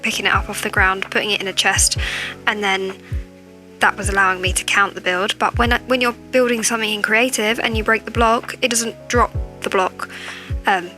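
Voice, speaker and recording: Bright, hushed woman chatting. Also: medium pitch, poor audio. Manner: talking quietly, chatty. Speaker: gaming video creator. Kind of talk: casual voiceover. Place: at home late at night. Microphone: cheap tinny microphone.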